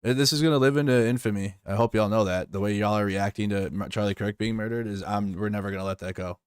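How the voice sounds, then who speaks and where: A man talks loosely on a live stream, rambling, restarting and swearing as he reacts. His voice sits somewhat low and smooth, with a dry close sound and no room around it. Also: fast, no room sound. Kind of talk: casual live stream commentary.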